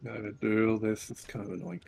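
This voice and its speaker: A man's voice: fairly low pitch, normal speed, gravelly, warm tone, breathy edge. A man chatting casually while gaming, blunt and full of swearing. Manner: blunt and heavily profane. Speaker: co-player. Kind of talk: casual chat while playing.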